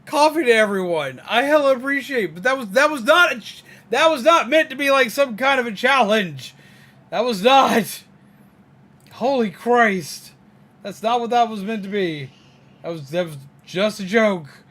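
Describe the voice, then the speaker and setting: An excitable, frazzled man streaming a game live, his voice very high and lively as he exclaims and thanks his viewers. The tone is bright, with faint game music behind. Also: normal speed. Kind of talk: live gaming stream chat.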